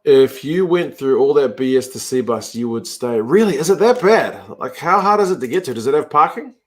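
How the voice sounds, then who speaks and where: A man's voice: mid-range voice, animated, normal speed. A man hosting a live rugby watch-along, chatting casually, reacting to the play and answering viewer comments. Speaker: host.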